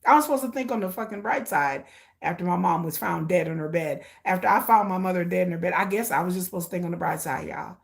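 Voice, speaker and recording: A woman's voice: on the low side, fast, gravelly. A middle-aged woman casually telling a personal story, blunt and emotional, swearing freely and acting out what others said. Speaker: live watch-along streamer.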